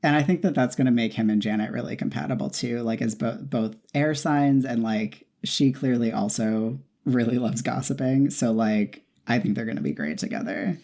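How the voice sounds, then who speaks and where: A woman with a very deep voice talks casually as a podcast co-host. She speaks plainly and matter-of-factly, often dropping in short agreeing replies. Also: normal speed, hardly any pauses, mellow. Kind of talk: casual chat.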